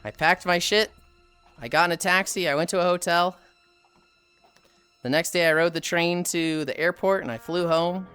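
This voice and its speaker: A woman streaming live on the move, chatting to her viewers in a loose, animated way. Her voice sits low for a woman yet comes out bright and forceful, and she swears freely. Faint music plays behind her. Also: moderate pace, pauses often, smooth, no echo. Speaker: livestreamer. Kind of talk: casual storytelling to chat. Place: outdoors while walking.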